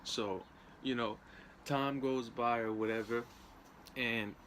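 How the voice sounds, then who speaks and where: A man's voice: medium pitch, steady tone, takes it slowly, fairly bright tone, slight background noise. A young man tells a story in a loose, streetwise way and keeps dropping in "man" and "you know". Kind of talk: casual storytelling.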